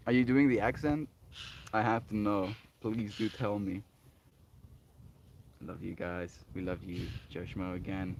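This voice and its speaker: This is a South African man on his daily live stream with a low voice. He talks in an earnest, heartfelt way and keeps checking in with "right?" between thoughts. A faint hiss sits under the voice. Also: steady tone, measured pace, gravelly, long pauses, a little mellow. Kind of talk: casual livestream chat reading viewer comments.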